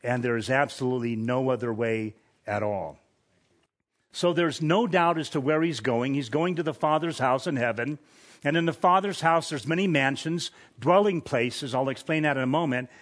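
A man preaching a sermon from scripture in an earnest, emphatic way, lifting his voice on key points. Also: fairly high pitch. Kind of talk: expository sermon.

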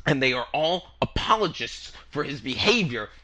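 A man's voice: mid-range voice, very animated, moderate pace, crowd noise. A man co-hosting a comedy podcast, ranting in a fired-up, profane way. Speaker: podcast co-host.

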